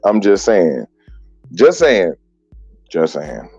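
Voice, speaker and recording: Man with a voice-changer filter, dark. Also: low voice, big pitch swings, slow pace, breathy edge, no echo, lo-fi sound, soft background music. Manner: boastful mock-grandiose banter. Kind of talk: joking casual chat.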